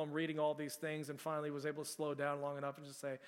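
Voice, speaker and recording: A man's voice: on the high side, monotone, racing, few pauses, smooth, long reverb tail. A man in his forties from Texas, preaching a sermon as pastor in a conversational storytelling way, often restarting his sentences.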